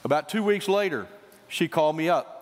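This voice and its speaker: A middle-aged man preaching a sermon as a pastor, telling stories with lively, acted-out quotes. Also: fairly high pitch, brisk. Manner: animated storytelling preacher, acts out quoted voices. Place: church sanctuary. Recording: church hall reverb.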